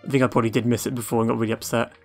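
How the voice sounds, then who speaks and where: A man's voice: medium pitch, little pitch movement, racing, creaky, soft background music. A man giving casual gameplay commentary, sarcastic, swearing freely and talking back to the game. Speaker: let's play gamer.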